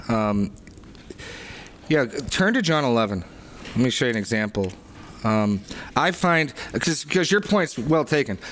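A man's voice: medium pitch, fairly bright tone, slight background noise. A man leading a sermon discussion, reading aloud and explaining with earnest emphasis and frequent restarts. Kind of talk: reflective teaching discussion.

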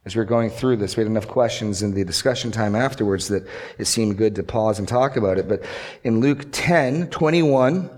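A man's voice: on the low side, moderate pace, darkish tone. A male pastor preaching an earnest sermon, asking rhetorical questions and repeating key lines for emphasis.

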